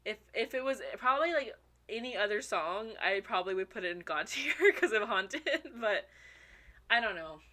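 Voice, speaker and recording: A young woman chatting casually to her viewers, excitable, swearing freely and laughing often. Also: mid-range voice, normal speed. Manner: talks to her viewers as y'all. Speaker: vlogger. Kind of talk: casual chat.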